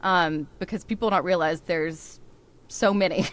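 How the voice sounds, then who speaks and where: A woman's voice: on the low side, measured pace. A young woman from the American South with a neutral American accent, chatting and laughing often as a podcast guest who narrates audiobooks. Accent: General American. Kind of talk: casual chat.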